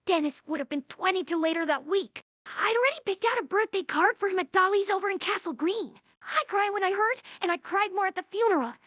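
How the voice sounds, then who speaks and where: Rainbow Dash, voiced by a man, very high and brash. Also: sharp tone, no echo, clean studio sound, full character voice. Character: young female cartoon pony, brash tomboy. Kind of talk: character voice reading a novel aloud.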